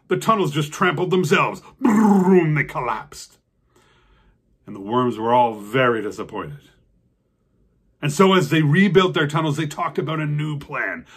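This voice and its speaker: A man telling a children's story as a host, animated and acting out sound effects. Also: a little high, breathy edge.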